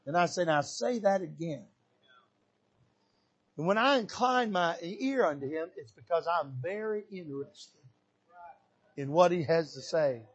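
High-voiced older preacher from Michigan. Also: male voice, expressive, a little slow, pauses often, husky, dull audio. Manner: swings between shouted exhortation and hushed, soft emphasis. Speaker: pastor. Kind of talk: preaching a sermon. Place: church pulpit.

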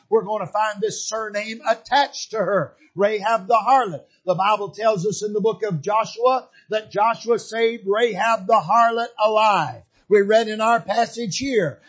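A man preaching a sermon in a folksy, storytelling way, repeating phrases and pausing on frequent fillers. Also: sits high, breathy edge.

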